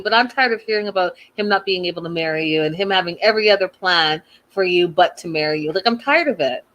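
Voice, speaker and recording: A woman hosting a casual recap of a reality show, chatty and animated, slipping into exasperated rants. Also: medium pitch, fast.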